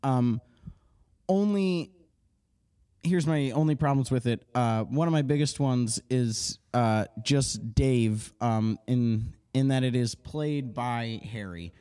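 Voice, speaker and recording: A man's voice: mid-range voice, slow pace, mellow, clean tone, no room sound, studio quality. A man on a casual podcast, laid-back and rambling as he airs his gripes. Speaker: podcast panelist.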